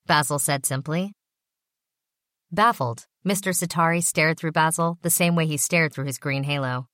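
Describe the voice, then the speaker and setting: A woman narrating an audiobook in a steady, even reading voice. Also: low voice, normal speed, no room sound, clean studio sound.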